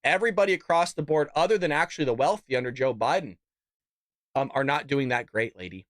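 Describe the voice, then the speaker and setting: A man hosting a political livestream rants at a quick pace, cursing and doing mocking voices as he grows loud and high-pitched. The recording is clean studio sound with no echo.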